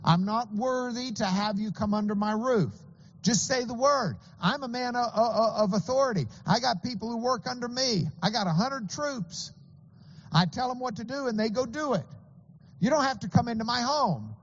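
A man voicing a humble Roman army officer, pleading quickly and self-effacingly. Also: extremely high pitch, big-room sound, dull audio, pitched above the performer's own voice.

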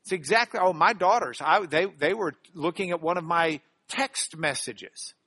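A middle-aged man teaching a Bible class in a lively lecture style, animated and jokey, with playful asides. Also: a little high, moderate pace.

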